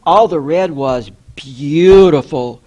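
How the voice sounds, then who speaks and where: In a muffled recording with a noisy background, a middle-aged man with a slightly high voice speaks slowly. He's an author telling personal stories in a frank, self-mocking speech, voicing the people he quotes.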